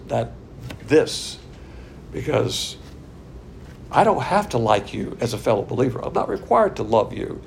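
Male preacher, sermon delivery, gravelly and a touch high, drawn-out emphasis, faint noise. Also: darkish tone. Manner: emphatic, drawn-out key words, asks the audience questions. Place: church room.

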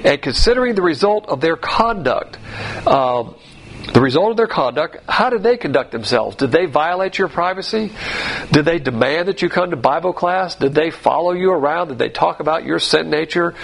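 A man's voice: fairly high pitch, animated, normal speed, creaky. A man teaching Bible doctrine as a pastor, blunt and combative, mocking other churches as he goes.

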